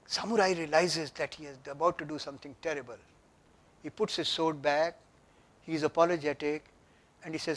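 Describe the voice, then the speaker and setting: Older indian guy lecturing a workshop, punchy, high-pitched for a man. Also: brisk, fairly bright tone. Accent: Indian English. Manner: emphatic, asks the audience questions. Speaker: workshop speaker. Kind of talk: motivational lecture. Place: conference room.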